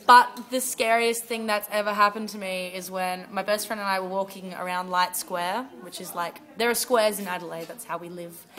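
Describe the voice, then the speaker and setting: A woman's voice: mid-range voice, moderate pace, hardly any pauses. A young Australian woman telling stories in a casual chat among friends. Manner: chatty storyteller, animated quoting. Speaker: vlogger.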